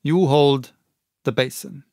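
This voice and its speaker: A man's voice: fairly high pitch, slow pace, mellow, no echo, clean studio sound. A man doing a brusque, stern country doctor. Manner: crisp, brusque and commanding.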